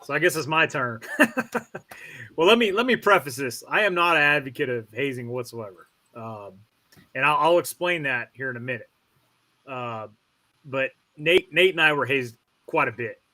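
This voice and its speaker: A man in his forties speaks with a fairly bright, forceful voice. He tells his story frankly and at a measured pace, often restarting a phrase as he works through it. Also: mid-range voice, lively intonation. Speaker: stream guest. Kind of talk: casual storytelling.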